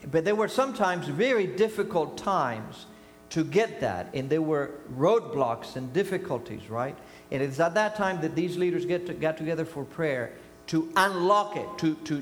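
Older preacher in an echoey hall. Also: male voice, lively intonation, moderate pace. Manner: emphatic, swinging from loud high bursts to quiet low asides. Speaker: pastor. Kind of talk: sermon. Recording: echoey hall with long reverb, faint hum.

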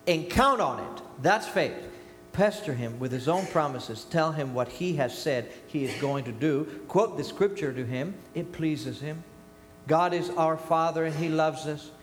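An older male pastor delivers a sermon with a fairly high voice. He moves from loud, high-pitched bursts to quiet, low asides. The sound is echoey, with a long reverb and a faint hum behind it.

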